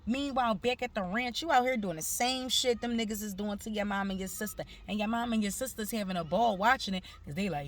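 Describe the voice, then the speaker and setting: A woman's voice: medium pitch, fairly quick, hardly any pauses. A woman, telling a profane story in a casual vlog and acting out the people she quotes. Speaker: vlogger. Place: outdoors.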